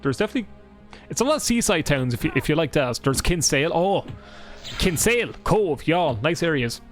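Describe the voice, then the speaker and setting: An Irish man with a voice pitched a touch above the usual, talking loosely over his game. He swears constantly, rambles and pokes fun at himself. Faint music plays behind him. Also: big pitch swings, a little fast. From Ireland. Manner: swears a lot, rambling, self-deprecating. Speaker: streamer. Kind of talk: casual live gameplay chat.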